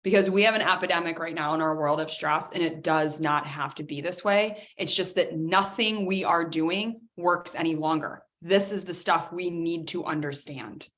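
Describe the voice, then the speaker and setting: A woman hosting a motivational talk on stress, lively and direct, talking straight to her listeners. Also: on the low side, normal speed, hardly any pauses. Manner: animated, addresses listeners as guys. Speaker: workshop host.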